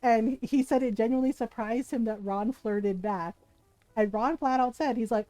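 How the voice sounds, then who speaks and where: A woman's voice: on the high side, darkish tone, no echo, rough recording. A middle-aged woman streaming, telling stories in casual chat and laughing often as she talks. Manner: chatty storyteller, laughs often.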